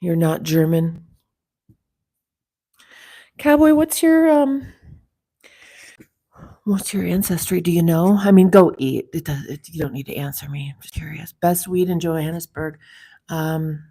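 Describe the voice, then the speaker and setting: A woman's voice: on the low side, measured pace, pauses often, mellow. A woman hosting a casual livestream chat, reading out viewer comments and teasing them in a chatty way. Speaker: livestream host.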